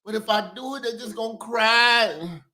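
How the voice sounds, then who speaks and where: A Chicago man hosts a casual commentary livestream at a moderate pace, his speech slangy, profane street talk. He swings between loud shouting and low muttering, repeating phrases for emphasis.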